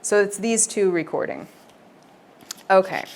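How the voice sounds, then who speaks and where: An audiobook narrator talking animatedly on stage, laughing often and slipping into character voices while wearing a lavalier mic. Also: female voice, medium pitch, a little slow, slight background noise. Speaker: audiobook narrator, festival guest. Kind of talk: live on-stage conversation with readings. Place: festival stage.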